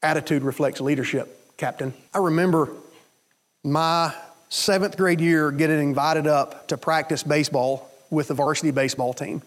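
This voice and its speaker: A man preaching a sermon, telling stories in an animated way and acting out the voices of the people in them. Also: fairly high pitch, normal speed. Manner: animated storytelling with quoted voices. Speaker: pastor.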